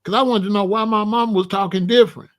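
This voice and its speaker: Animated man in his sixties, slangy storyteller. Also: sits high, fast talker. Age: 60s. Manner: animated, streetwise slang, frequent "you know what I'm saying". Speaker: channel host. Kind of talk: casual storytelling monologue.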